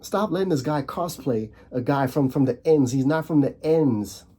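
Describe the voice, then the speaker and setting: A young man hosting his own channel, ranting casually to camera in a fired-up way, stumbling and repeating words, his voice leaping higher on emphatic points. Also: lively intonation, moderate pace, warm tone, breathy edge. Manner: frequent restarts and repeated words. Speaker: video host.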